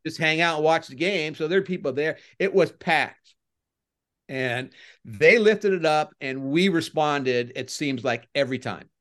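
An older man, a former baseball coach, chatting as a podcast guest and telling rambling stories that get animated when he retells crowd chants. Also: a little high, unhurried. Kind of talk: casual podcast interview, storytelling.

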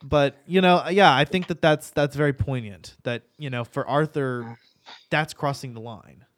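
A man hosts a laid-back gaming podcast and talks through his thoughts as they come. He trails off, restarts sentences and breaks into laughs along the way. His voice sits at an ordinary middle pitch. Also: moderate pace, fairly bright tone. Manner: rambling, many fillers and restarts, laughs often. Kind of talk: casual gaming podcast chat.

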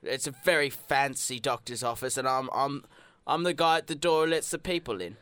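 A man's voice: mid-range voice, a little fast, pushed and bright, clean tone, no echo, natural voice. A man voicing a pompous, condescending doorman at a fancy hospital, in a put-on British accent. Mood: snooty. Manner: snooty, condescending.

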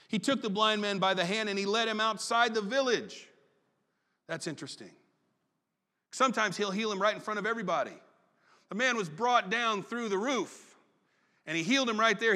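Bright-voiced preacher in a hall. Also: male voice, high-pitched. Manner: folksy, conversational preaching with quick asides. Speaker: pastor. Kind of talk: sermon. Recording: long reverb in a large hall.

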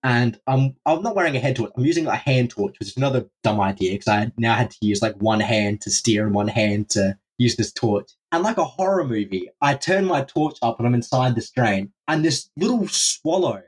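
Husky young man telling a wild story. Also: medium pitch, moderate pace, hardly any pauses. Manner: animated, swears freely, acts out his own panicked reactions. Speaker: podcast guest. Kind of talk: storytelling in a casual interview.

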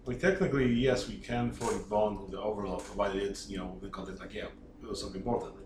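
A man's voice: fairly low pitch, steady tone, quick pace. Man, player, filler-heavy talk, noisy roomy recording. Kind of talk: casual tabletop game chat. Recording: roomy, distant mic, noisy.

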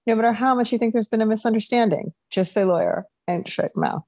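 A woman's voice: on the high side, expressive, fast talker, darkish tone, dry recording. A woman co-hosting a podcast, chatting casually about a TV show with frequent laughs and hedging fillers. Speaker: podcast co-host, lawyer. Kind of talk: casual chat reviewing TV.

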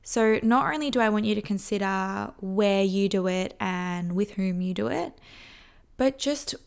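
A woman's voice: medium pitch, creaky, a little mellow, clear, resonant tone. Candid young woman podcaster. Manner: candid, conversational, acts out quoted voices. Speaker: podcast host. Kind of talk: solo podcast talk.

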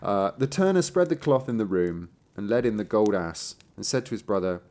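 A man's voice: fairly low pitch, fairly quick, a little hiss or hum. Guy reading a fairy tale on a podcast, voice all over the place, breaks off to chat. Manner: animated, laughing, chatty asides. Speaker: podcast host and reader.

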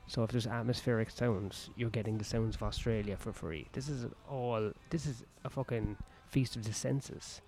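A stand-up comedian, rambling crudely and jokingly in a casual vlog, recorded outdoors on a patio. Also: male voice, on the low side, steady tone, moderate pace, few pauses, darkish tone.

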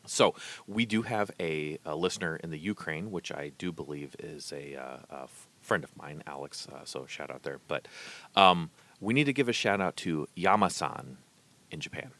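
A man's voice: extremely low pitch, moderate pace, fairly bright tone. A man with a Midwestern American accent hosting a casual podcast chat about a restaurant, talking in a rambling way with fillers and restarts. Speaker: podcast host.

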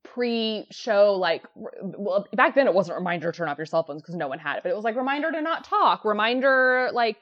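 A woman's voice: fairly low pitch, fairly quick, highs cut off. A woman in her thirties co-hosting a podcast, chatting casually with lots of fillers and laughs. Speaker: podcast co-host. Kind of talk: casual chat.

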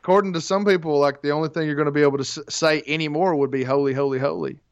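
A man co-hosting a podcast in casual chat, easygoing and quick to laugh along. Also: on the high side, smooth, no echo. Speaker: podcast co-host. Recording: slightly dull lo-fi sound.

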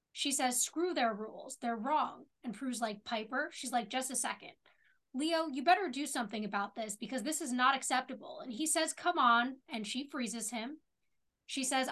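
A young woman with a bright, fairly high voice co-hosts a casual podcast. She retells a TV episode scene by scene, reading out the characters' lines in a steady chatty flow. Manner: retells scenes at length, reading out dialogue with many "she says". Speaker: podcast co-host. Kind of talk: casual chat and episode recap.

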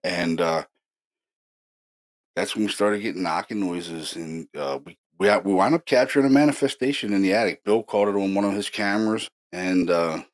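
Casting: deep-voiced male host, casual storyteller, animated and excited, filler-heavy. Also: normal speed. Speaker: paranormal investigator host.

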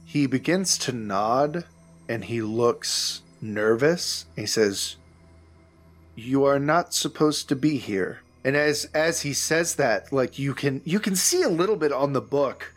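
Male game master narrating a tabletop game at a slow pace, faint music behind. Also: medium pitch, expressive. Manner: unhurried, loose, with fillers and self-corrections.

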